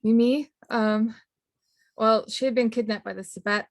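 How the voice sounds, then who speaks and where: A woman player in a tabletop role-play, speaking quickly and reassuringly, partly in character. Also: fairly high pitch, steady tone.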